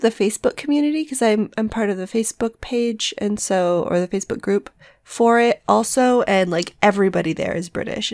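Soft-spoken woman with a groggy morning voice. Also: medium pitch, dry recording, studio quality. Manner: speaks softly to avoid waking the household; rambling, self-correcting. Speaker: planner vlogger. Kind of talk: casual voice-over vlog. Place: separate room at home.

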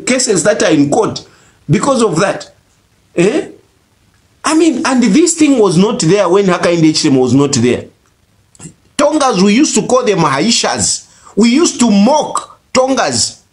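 Fiery man with a high voice. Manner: emphatic, repeats phrases, rising outbursts. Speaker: host of a call-in show. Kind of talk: heated political commentary.

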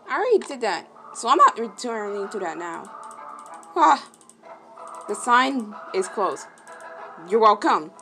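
A woman giving casual let's-play commentary, excitable, gasping and exclaiming at the game. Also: a little high, unhurried, pauses often, over music. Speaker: gaming channel host.

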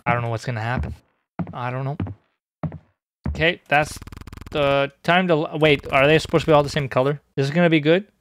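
A young man streaming a horror game, joking and excitable, bursting into high squeaky outbursts. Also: brisk, long pauses, a little hiss or hum. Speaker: gaming streamer.

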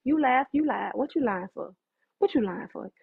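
A woman putting on a stern, scolding God, pitched far lower than her own bright voice and pressing each rebuke hard. The tone is breathy, and the livestream audio is dull and lo-fi. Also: animated, normal speed, exaggerated voice. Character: scolding booming male God.

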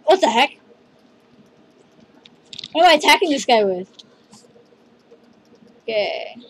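A woman hosting a casual gameplay video, excitable and rambling, calling her teammate "dude" again and again. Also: sits high, takes it slowly, no echo, rough recording.

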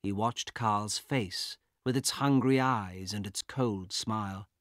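A man narrating a graded-reader audiobook in slow, clear, deliberate reading. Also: on the low side, a bit bright, no echo, studio quality.

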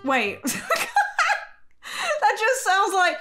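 A young woman commenting on an animated story video with giggly, incredulous running remarks. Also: high voice, measured pace, long pauses, faint music behind. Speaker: gaming reaction YouTuber. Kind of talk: reacting to an animated story with voiced lines.

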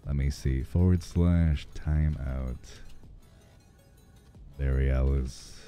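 A man livestreaming, a bit hoarse, rambling and joking casually with his chat. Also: extremely low pitch, fairly even intonation, very slow, dark tone, faint music behind.

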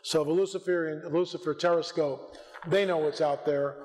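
Urgent male preacher-lecturer, high-pitched, reverberant church hall. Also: steady tone, normal speed. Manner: urgent, exhorting, builds to shouted rebukes. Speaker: conference speaker. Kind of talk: fiery conference lecture. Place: church auditorium.

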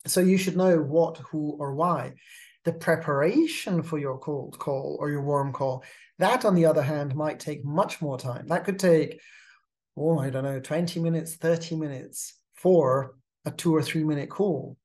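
A host giving a measured, advisory talk on pitching, often repeating words as they restart a phrase. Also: darkish tone. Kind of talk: instructional monologue.

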